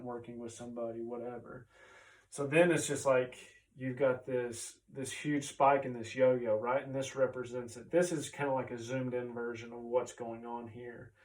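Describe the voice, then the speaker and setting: A man's voice: mid-range voice, darkish tone, recorded from a distance, rough recording. A man, a chiropractor, explaining health ideas in a casual, conversational way, often checking in with "right?" and pointing to a chart as he goes.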